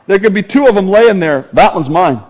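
An older man preaching a sermon as pastor, telling stories with animated delivery and acting out voices. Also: high-pitched, brisk. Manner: animated storytelling, acts out voices; quotes scripture with rising force.

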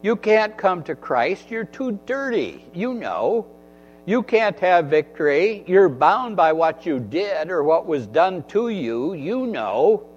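A man's voice: high-pitched, very animated, slow, voice pushed up, full character voice. A man voicing a scornful male devil who keeps hurling repeated mocking accusations. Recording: dull recording with faint mains hum.

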